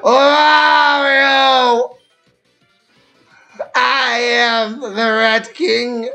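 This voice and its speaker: A VTuber streamer playing a boastful, grandiose Rat King in a game stream, shouting mock-heroic boasts. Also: mid-range voice, level tone, very slow, soft background music, full character voice.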